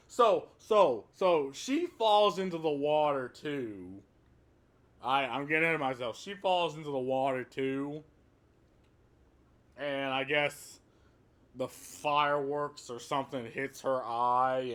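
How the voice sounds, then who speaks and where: A man's voice: medium pitch, a bit bright. A man giving a casual, rambling movie review, swearing often and laughing at the plot.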